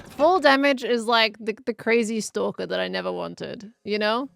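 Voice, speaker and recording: A woman's voice: medium pitch, moderate pace, creaky, hardly any pauses, fairly bright tone, soft background music. A young adult woman streaming a game, chatting in a rambling, giggly way as she plays. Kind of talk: rambling live gameplay chat.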